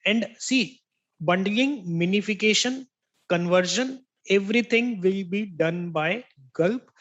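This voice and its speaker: A man teaching an online software training class, explaining step by step, repeating key terms and checking in with "right?" after each point. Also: sits high, slow pace, highs cut off. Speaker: software instructor. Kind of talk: online tech training lecture.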